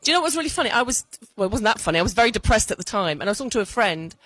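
A woman's voice: a little high, sing-song, racing, a bit bright, no echo, poor audio. A middle-aged woman stand-up comedian chatting in an interview, laughing often. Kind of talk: casual interview. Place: outdoor festival.

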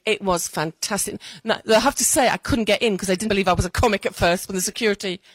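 A woman's voice: medium pitch, fast talker, no room sound, low-quality recording. Chatty middle-aged woman comedian, dry sound. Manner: chatty, laughs often. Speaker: stand-up comedian. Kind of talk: casual interview. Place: outdoor festival.

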